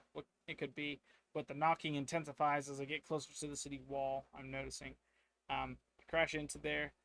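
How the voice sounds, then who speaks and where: A man's voice: mid-range voice, creaky, a bit bright, a little hiss or hum. A man streaming a solo tabletop game, narrating casually and thinking aloud to his chat.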